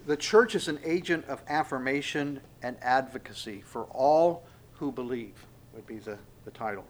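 A man preaching a sermon, pausing often with fillers and acting out short bits of dialogue. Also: medium pitch, a little hiss or hum. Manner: halting, many fillers, acts out dialogue. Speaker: pastor.

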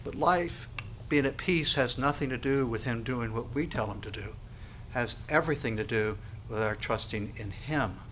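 A man preaching a sermon, emphatic and full of rhetorical questions, swinging from quiet to loud. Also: a little high. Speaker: pastor.

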